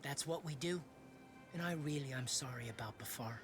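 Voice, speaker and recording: An actor voicing a gentle young soldier. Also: male voice, medium pitch, normal speed, soft background music, close to an everyday voice. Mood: earnest. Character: young WWI soldier, kind and apologetic.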